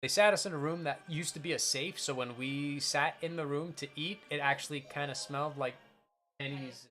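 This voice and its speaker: A man's voice: on the high side, normal speed, fairly bright tone, slight background noise. A man streaming, chatting casually and telling a rambling story with many restarts. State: voice changed by a bite on the throat.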